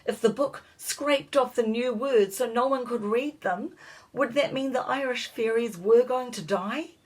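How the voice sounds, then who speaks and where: A woman narrating a children's storybook in a measured, expressive reading voice. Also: a little high, poor audio.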